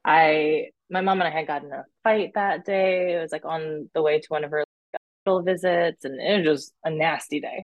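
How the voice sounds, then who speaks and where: A woman's voice: low-pitched, brisk, no echo, muffled recording. A young woman telling stories in casual chat, who fills her talk with "like" and acts out quotes. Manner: chatty storyteller, says "like" a lot, acts out quotes.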